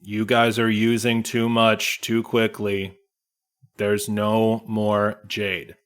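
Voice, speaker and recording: A man voicing an expressionless male dwarf who speaks in a deadpan monotone. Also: lowish voice, slow pace, clean tone.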